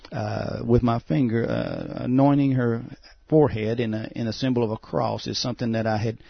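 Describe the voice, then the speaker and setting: A pastor telling a testimony as a guest on a talk show, halting and full of "uh" fillers. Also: male voice, medium pitch, animated, gravelly, slightly rough, dry recording. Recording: dull, muffled sound.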